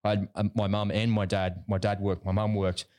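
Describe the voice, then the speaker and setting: A man's voice: fairly low pitch, little pitch movement, a little fast, a little mellow. A middle-aged man in a casual podcast chat, telling personal stories in a conversational way. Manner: storytelling, conversational.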